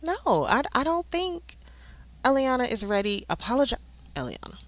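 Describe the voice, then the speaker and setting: A woman hosting a life-simulation game let's play, chatting casually and voicing the characters in quick asides. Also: high voice, very animated. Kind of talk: casual gameplay commentary.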